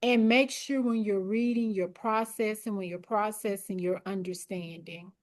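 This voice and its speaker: A woman coaching a study group for an exam, speaking in a direct, repetitive and encouraging way while her voice grows hoarse and she keeps clearing her throat. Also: mid-range voice, fairly even intonation, moderate pace. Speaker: academic coach.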